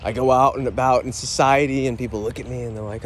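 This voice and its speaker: A man's voice: medium pitch, fairly even intonation, quick pace. Man rambling outdoors by traffic. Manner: rambling, playful, self-questioning. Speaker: vlogger. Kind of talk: casual reflective monologue. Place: outdoors near a lake.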